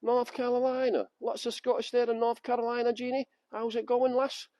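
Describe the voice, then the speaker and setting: A man's voice: extremely high pitch, flat delivery, a little fast, dark tone, no echo. A man from West Yorkshire working as a tour guide, chatting and joking with viewers by name on a live-streamed walking tour outdoors on city streets. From Halifax, West Yorkshire, England.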